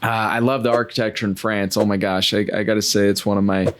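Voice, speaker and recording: A man's voice: on the low side, level tone, fast talker. A man hosting a podcast, telling a travel story in a chatty, self-joking way. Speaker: podcast host. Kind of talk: casual podcast monologue.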